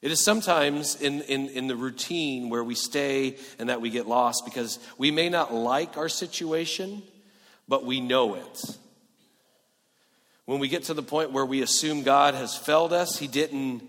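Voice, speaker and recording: A man preaching a sermon in a church hall, earnest, moving between emphatic and hushed delivery. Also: medium pitch, unhurried. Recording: echoey hall reverb.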